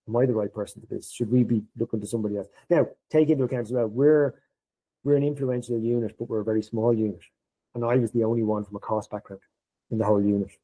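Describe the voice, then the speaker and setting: Middle-aged irish guy on a podcast, really dark mellow voice, acts out the quotes in his story. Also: mid-range voice, low-quality recording. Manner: animated storyteller acting out quoted dialogue. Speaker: podcast guest. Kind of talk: anecdotal interview storytelling.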